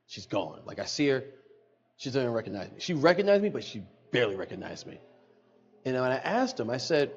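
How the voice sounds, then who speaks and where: A man's voice: medium pitch, big pitch swings, a little fast, breathy edge, dull audio. A middle-aged man, a podcast guest, telling an emotional personal story in earnest, repeating phrases for emphasis, recorded in a studio.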